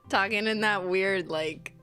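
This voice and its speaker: A woman's voice: mid-range voice, big pitch swings, takes it slowly, sharp tone, faint music behind. A woman streamer chatting casually and rambling while playing a game, laughing often.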